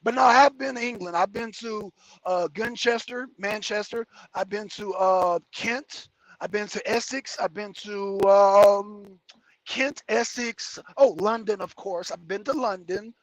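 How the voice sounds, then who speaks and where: A man's voice: sits high, a little slow, no room sound. A man who drives trucks, chatting casually and rambling through viewer comments while he drives. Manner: rambling, joking, answers chat comments between driving remarks. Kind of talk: casual livestream chat while driving. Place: cab of a heavy truck on the road.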